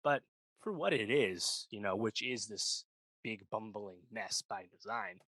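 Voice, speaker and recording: A man's voice: lowish voice, very animated, measured pace, a bit bright, no echo. A man co-hosting a podcast, chatting casually about a film and rambling with lots of fillers. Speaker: podcast co-host. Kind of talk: casual film review chat.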